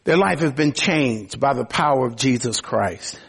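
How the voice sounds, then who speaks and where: Husky-voiced man preaching expressively. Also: mid-range voice, a little slow. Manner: expressive preaching, often starting with "oh". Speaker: pastor. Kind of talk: sermon.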